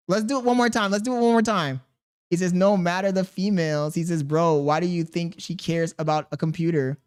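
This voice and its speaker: A man livestreams casually, coaxing a baby in baby talk and bantering with loose, profane slang. Between remarks he reads viewer messages aloud in a smooth, fairly high voice at a moderate pace.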